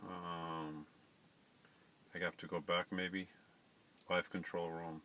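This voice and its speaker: A man's voice: low voice, little pitch movement, slow, pushed and bright, slight background noise. A middle-aged man hosting a casual live stream, chatting to viewers and fumbling with settings.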